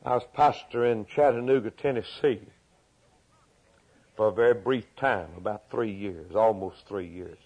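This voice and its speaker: An older man preaching a sermon as pastor, moving from loud, high preaching to quiet storytelling. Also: measured pace. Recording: dull lo-fi recording.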